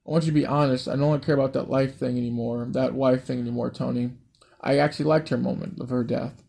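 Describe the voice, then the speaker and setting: A man's voice: medium pitch, steady tone, fast, creaky, mellow. A man voicing a small, brash young woman who taunts and swears, in an amateur story reading. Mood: cold. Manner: crude, taunting.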